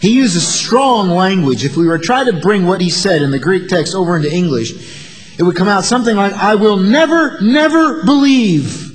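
A man's voice: high-pitched, animated, a little fast, big-room sound. A man preaching a sermon in a dramatic way, acting out the voices of the people in his story. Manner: dramatic, acts out voices of the disciples and doubters.

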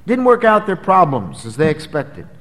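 A man preaching an expository sermon, emphatic, swinging from loud dramatic peaks to low, quiet drops. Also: wildly swooping pitch, moderate pace. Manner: emphatic, dramatic rises and drops in pitch and volume. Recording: long hall reverb.

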